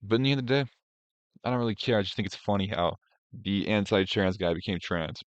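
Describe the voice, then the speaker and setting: A young man with a very low, deep voice, talking loosely and profanely as he reacts on a livestream. He rambles and fills gaps with "um" and "like". The audio is dry and a bit dull, like a lo-fi desk mic. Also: fast talker, no echo. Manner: rambling, profane, mocking, with filler words. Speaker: streamer host. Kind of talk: casual reaction stream commentary.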